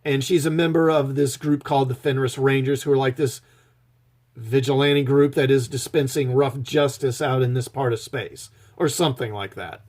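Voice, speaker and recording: A man's voice: medium pitch, a little mellow. A man recapping a TV episode in a casual, sarcastic, mocking tone. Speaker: show reviewer.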